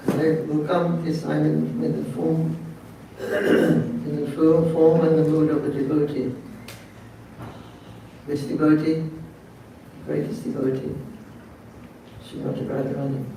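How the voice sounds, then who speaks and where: A man retells a devotional story in a slow sermon, clearing his throat and repeating words as he goes. His voice is slightly high and mellow. It is picked up from afar in a strongly reverberant hall with faint background noise. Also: little pitch movement. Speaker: speaker telling a devotional story. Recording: very echoey hall, distant mic, faint noise.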